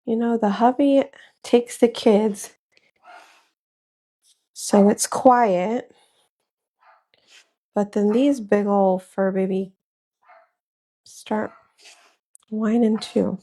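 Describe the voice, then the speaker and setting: A woman's voice: mid-range voice, fairly even intonation, very slow, pauses often, mellow. A woman in her thirties chatting casually to her livestream viewers while she crafts in a small room at home, calling them y'all. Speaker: crafter and live seller.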